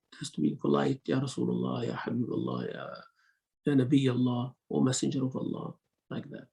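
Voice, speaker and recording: Sheikh w giving a lesson, gravelly fairly high voice, quotes verses fast then explains. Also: male voice, darkish tone, poor audio. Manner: mixes Arabic recitation into English teaching, acts out rude and polite speech. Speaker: sheikh teaching Quran commentary. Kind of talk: religious lesson.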